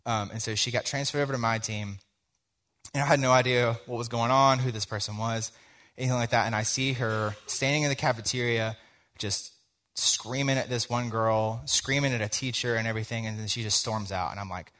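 A man's voice: mid-range voice, steady tone, brisk, fairly bright tone. A young man giving a sermon, telling a personal story in a conversational way with plenty of quoted dialogue.

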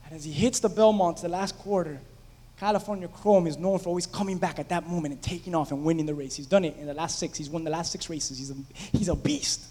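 A man's voice: a little high, quick pace, dark tone, in a large hall. A man preaching a conversational sermon, telling stories animatedly and putting questions to the congregation in a church sanctuary. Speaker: pastor.

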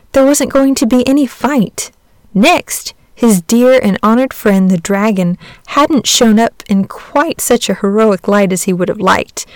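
A woman reads a classic storybook aloud as podcast host, clear and gentle. Her voice sits in a middle pitch, and the recording is close and dry with no room sound. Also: dry recording. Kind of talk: storybook reading.

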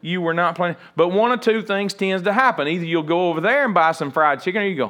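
A male pastor delivers a sermon in a loose, conversational way. He jokes with the congregation and acts out little everyday scenes as he goes. His voice sits a little high for a man. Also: quick pace, hardly any pauses, a bit bright.

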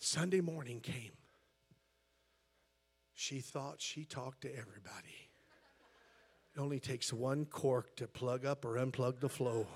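In a church sanctuary, an American-accented pastor preaches a sermon, beginning a story quietly before rising to loud, shouted preaching. His mid-range voice is a little slow and breathy, with long pauses.

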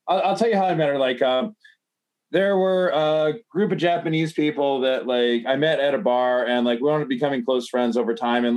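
A man's voice: mid-range voice, darkish tone. A man telling a bar story in casual chat, rambling and profane with many fillers. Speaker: guest.

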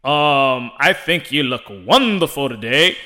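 A man impersonating a formal male boxing interviewer who talks in a drawn-out announcer voice even in private. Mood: stiff, announcing. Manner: deep, drawn-out announcer delivery.

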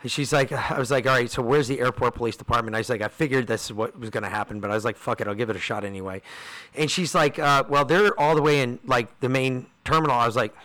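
Male podcast co-host, bright and punchy tone, profane storyteller doing everyone's lines. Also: mid-range voice, fast talker. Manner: profane, fired-up storyteller acting out quoted people. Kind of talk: casual storytelling chat.

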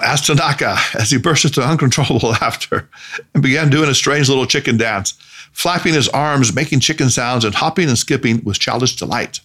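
A man narrating a story in a measured, expressive way. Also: mid-range voice, husky.

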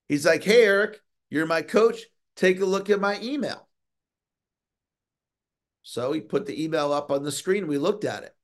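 Earnest male sales coach, fairly high voice. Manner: earnest, repeats phrases, slows to stress key words. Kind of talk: motivational call talk.

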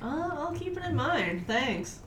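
A woman's voice: sits high, sing-song, a little slow, a bit bright. A woman playing her character in a tabletop game, hesitant and dry in a casual way. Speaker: player. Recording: echoey, distant, noisy.

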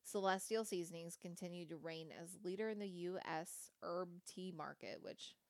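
In a dry recording, a woman with a lowish voice reads a company's history for her podcast at a moderate pace. She keeps it conversational, interrupting herself with wry asides and the occasional curse word, all while hiccuping.

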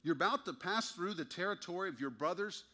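A man's voice: high-pitched, lively intonation, fairly quick, pushed and bright. A man preaching a sermon to his congregation, emphatic and wry, often asking pointed rhetorical questions. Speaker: pastor.

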